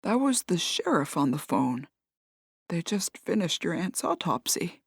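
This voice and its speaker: A woman voicing a gentle, somewhat hesitant man breaking bad news in an audiobook. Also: lowish voice, big pitch swings, unhurried, breathy edge, dry recording, clean studio sound, full character voice.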